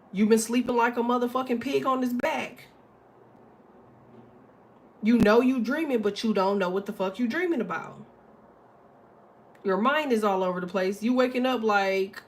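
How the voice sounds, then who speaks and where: With a slightly high voice, this woman rambles through an informal astrology and tarot reading, blunt, profane and full of filler words.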